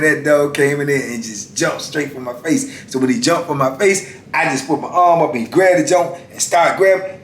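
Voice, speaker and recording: A middle-aged man telling his own story in a casual, slangy, emphatic way, acting out shouted exchanges. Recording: echoey room with faint rumble.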